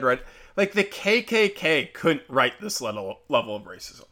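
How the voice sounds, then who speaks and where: A man's voice: on the high side, big pitch swings, normal speed, fairly bright tone. A young man hosting a casual, heated commentary, sarcastic and profane, with lots of fillers. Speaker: commentary host.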